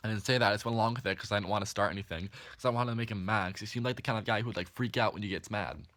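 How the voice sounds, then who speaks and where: A young man vlogging a storytime, animated and full of swearing and "like" fillers. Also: fairly low pitch, racing, few pauses, no echo. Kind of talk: storytime vlog.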